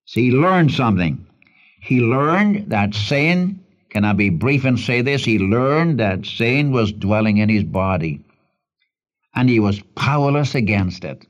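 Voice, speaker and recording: A man's voice: mid-range voice, expressive, measured pace, highs cut off. A man teaching the Bible in an earnest radio sermon, repeating phrases for emphasis and calling the listener friend.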